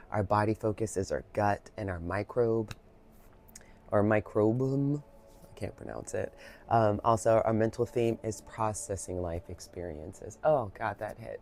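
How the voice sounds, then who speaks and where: A woman giving a reflective guided Reiki talk, soft-spoken, heartfelt and rambling, with many fillers, a little emotional. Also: a bass voice. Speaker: Reiki practitioner.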